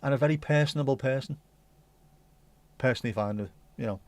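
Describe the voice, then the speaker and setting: A man's voice: mid-range voice, fairly quick. A man hosting a casual livestream, rambling and chatty, swearing casually and humming little tunes. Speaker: livestream host.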